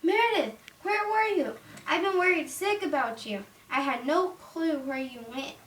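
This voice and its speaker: A woman's voice: sits high, moderate pace, echoey room, distant mic, a little hiss or hum. A woman voicing a stern royal mother who scolds her daughter, in toy play-acting. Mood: worried.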